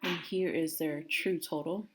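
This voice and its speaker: Tutorial voice: a lower-pitched American woman, relaxed and chatty, explaining steps to viewers over faint noise. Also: measured pace. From United States. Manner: casual, talks to viewers as "guys". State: out of breath. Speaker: travel agent trainer. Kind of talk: screen-recorded tutorial walkthrough.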